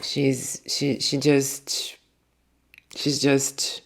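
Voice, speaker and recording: Lady psychic medium talking slow, kinda gravelly, lots of hesitating. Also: a bass voice, monotone, whispered. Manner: hesitant, full of restarts, relaying messages. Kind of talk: casual spiritual channeling talk.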